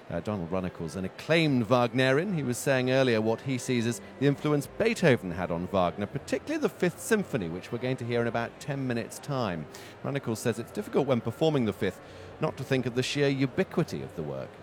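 Radio guy doing live links, lively up and down voice, faint hiss behind. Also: medium pitch. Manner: smooth, scripted continuity delivery. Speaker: radio presenter. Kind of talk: live broadcast announcing.

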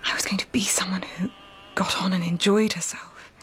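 An actress playing a lonely, self-doubting woman who speaks in a hushed, halting half-whisper. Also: mid-range voice, fairly even intonation, faint music behind, natural voice. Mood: wistful.

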